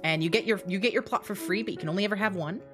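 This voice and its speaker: Music plays in the background as a young woman streams live, panting and rushing through an enthusiastic walkthrough of her game mode. She laughs between phrases, and her pitch is medium.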